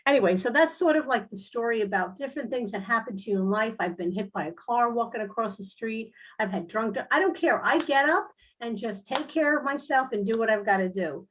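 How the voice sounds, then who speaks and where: A woman's voice: a little high, lively intonation, brisk, hardly any pauses, low-quality recording. Chatty middle-aged woman telling stories. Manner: chatty and earnest, many fillers. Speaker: spiritual guest speaker. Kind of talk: casual personal storytelling. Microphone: online talk show.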